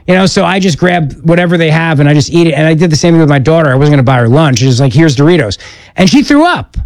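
A middle-aged man hosting a talk radio show, joking and teasing in casual banter. His voice sits a little high for a man and comes across dry and close on the studio mic, with no room sound. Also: expressive, fast talker, a little mellow, no echo. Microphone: studio microphone.

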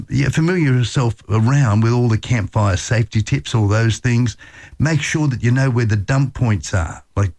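Male radio host, Australian accent, fairly low voice, folksy and chatty. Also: darkish tone. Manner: chatty, folksy, repeats words. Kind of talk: casual radio advice talk.

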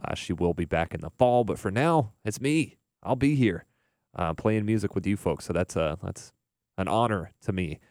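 A young man with a very low voice hosts a radio music show, talking in a loose, rambling way with plenty of filler words. He sounds close and dry, recorded on a studio mic with no room sound. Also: normal speed, dry recording. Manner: relaxed, rambling, filler-heavy. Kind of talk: casual radio DJ chat.

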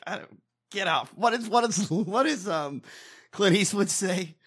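A man's voice: high voice, measured pace, slightly rough. A man co-hosting a casual podcast, ranting with lots of swearing. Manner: profane, animated ranting. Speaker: co-host.

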